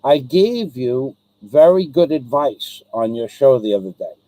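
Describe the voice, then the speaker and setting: A man's voice: mid-range voice, big pitch swings, a little slow, muffled recording. A man hosting his own live stream, speaking directly to a viewer in an aggrieved, repetitive way, with frequent ums and restarts. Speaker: livestream host.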